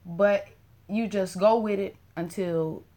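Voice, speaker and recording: Woman on a livestream, middle voice, swears a lot, blunt and jokey, repeats words slow and soft. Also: medium pitch, fairly even intonation. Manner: blunt and profane, joking with viewers; repeats words softly and slowly. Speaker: live-stream host. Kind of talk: casual spiritual talk to viewers.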